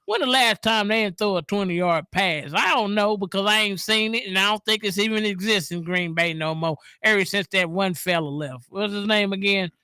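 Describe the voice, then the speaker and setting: High-voiced joking sports radio man. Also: normal speed, few pauses, pushed and bright, smooth, no room sound, clean studio sound. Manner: joking, folksy, boastful banter. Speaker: sports talk radio co-host. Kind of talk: casual sports talk.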